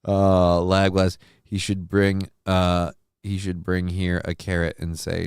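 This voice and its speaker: A man hosting a live talk show, rambling and joking, with loud bits and quiet asides. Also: sits low, monotone, slow pace, smooth, dry recording, clean studio sound. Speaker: show host. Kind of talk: casual live-show chat.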